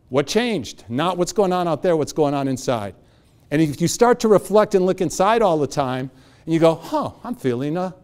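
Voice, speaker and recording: Middle-aged guy doing a motivational speech, lots of swing in his voice, acts out every character. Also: sits high. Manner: animated storyteller acting out voices. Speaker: motivational speaker. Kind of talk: motivational talk to an audience. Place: event hall.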